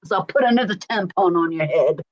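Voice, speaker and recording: On a stream, a middle-aged woman with an English Berkshire accent chats briskly and casually, regularly asking "do you know what I mean." Her fairly low voice has lively intonation, and the desk-mic recording has its highs cut off.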